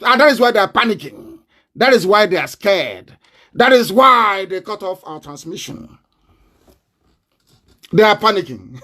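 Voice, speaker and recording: A man's voice: high voice, expressive, measured pace, pauses often, bright, forceful tone. A man with a Nigerian accent, speaking in a fiery, confrontational live online broadcast and breaking into mocking laughter. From southeastern Nigeria.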